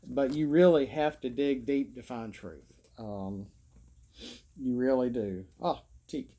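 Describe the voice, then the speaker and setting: A man with an Alabama Southern accent rambles through a vlog monologue in a slow, warm, mid-range voice. The vlogger is folksy and self-deprecating, wandering from point to point.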